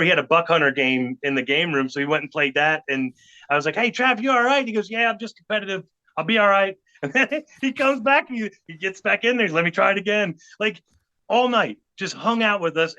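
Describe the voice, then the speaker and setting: A middle-aged man, a podcast guest telling an anecdote and acting out the quotes of other people. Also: high voice. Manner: animated, acts out quotes of others. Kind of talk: storytelling anecdote. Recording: dull lo-fi podcast audio.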